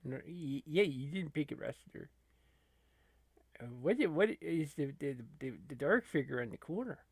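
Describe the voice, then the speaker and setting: An actor playing a laid-back, chatty gamer buddy who teases and repeats phrases in an easygoing way in a comedy gaming sketch. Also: male voice, a little high, expressive, normal speed, creaky, a little mellow, slightly rough, no echo, full character voice.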